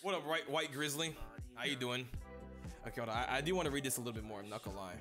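A young man live-streaming, reading out viewer messages in casual chat, excitable, with loud outbursts, swearing and a stutter with frequent restarts. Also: medium pitch, rapid-fire, music in the background.

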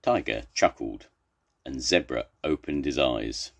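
An older man reading a children's picture book aloud in an animated, expressive way. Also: extremely low pitch, slow pace. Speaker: storyteller.

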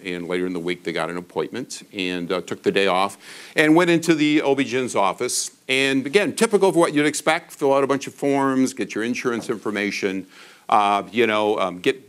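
A man's voice: fairly low pitch, fairly bright tone. A man in his sixties giving a public lecture in a college hall, telling stories in a conversational way with fillers. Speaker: guest speaker.

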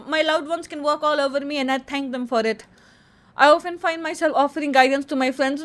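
A woman's voice: high voice, steady tone, fairly quick, a bit bright. A woman with an Indian accent, chatting casually on a livestream, playful and boastful as she reads quiz statements aloud and answers them. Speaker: streamer.

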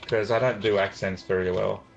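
A man's voice: on the low side, steady tone, moderate pace, gravelly, highs cut off, a little hiss or hum. A man bantering on a game stream, dry and teasing, laughing often. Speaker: guest co-host on a game stream. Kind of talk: casual banter.

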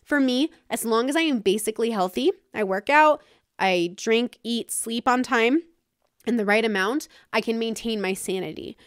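A woman's voice: a little high, moderate pace, no room sound, studio quality. A woman hosting her own podcast, talking frankly and casually in a solo monologue, with some swearing. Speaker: podcast host.

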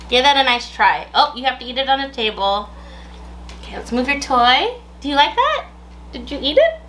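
High, bright-voiced woman coaxing her dog. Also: slight background noise. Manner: coaxing sing-song baby talk to her dog; gasps and laughs as she chats. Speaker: dog owner unboxing a pet subscription box. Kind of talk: casual unboxing narration.

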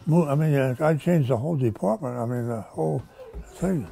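A man's voice: medium pitch, moderate pace, gravelly, dark tone. A man in his nineties, a war veteran giving an oral-history interview in a folksy, rambling storytelling manner. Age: 90s.

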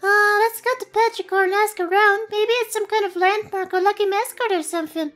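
A woman's voice: steady tone, brisk, a bit bright, soft background music. A woman voicing a tiny, chirpy fairy companion girl who talks about herself by name, in a game. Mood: fretful. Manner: chatty, squeaky, refers to herself by name.

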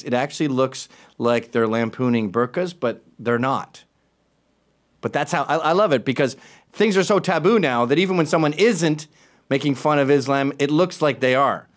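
A man hosting a talk show, commenting casually and sarcastically on tweets and clips. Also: mid-range voice. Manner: animated, sarcastic asides. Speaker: show host.

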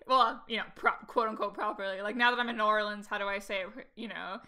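A woman co-hosting a podcast, chatting casually with quick, enthusiastic reactions and questions. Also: medium pitch, steady tone, pushed and bright. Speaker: podcast co-host.

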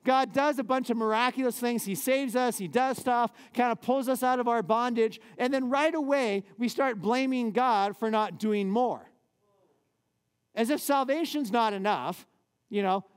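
A man, a pastor, preaching a lively sermon in a church with casual, conversational asides. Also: extremely high pitch, moderate pace, smooth.

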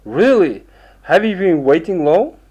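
Friendly young man, played by a man, casual, apologetic, higher pitch, slow delivery. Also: very animated, a little mellow, slightly rough, exaggerated voice, rough recording. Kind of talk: textbook audio dialogue.

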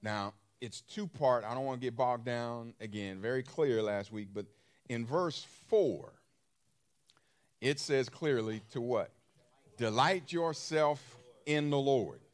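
With a medium-pitched, darkish voice and a slightly slow pace, a pastor delivers his sermon emphatically. Repetition of phrases and questions aimed at the audience mark his style, along with other features.

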